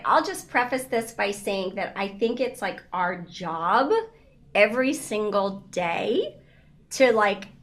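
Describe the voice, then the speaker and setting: With a mid-range voice, a fifty-something woman being casually interviewed spins lively stories, full of laughter and filler words.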